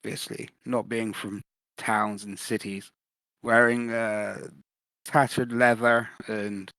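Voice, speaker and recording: Hesitant, slow-spoken male player. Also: lowish voice, level tone, fairly bright tone, no room sound, rough recording. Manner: hesitant, searching for words. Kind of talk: describing his character in a tabletop game.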